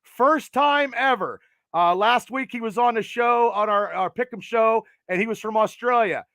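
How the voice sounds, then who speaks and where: High-voiced enthusiastic man host. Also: moderate pace, a bit bright, dry recording. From United States. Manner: enthusiastic, talkative. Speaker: podcast host. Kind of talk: casual sports podcast chat.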